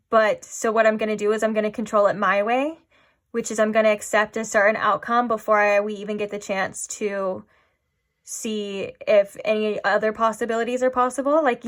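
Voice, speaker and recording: A woman giving a casual pick-a-card tarot reading, rambling and filling her talk with "like", often dropping into soft, musing asides. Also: medium pitch. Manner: rambling, heavy use of "like". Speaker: tarot reader.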